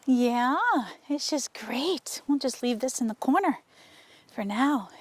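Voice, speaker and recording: A woman horse trainer talking casually to her viewers while working a horse outdoors, often breaking off to softly praise the horse. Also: high voice, slow pace. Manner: chatty, soothing praise to the horse. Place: outdoor arena.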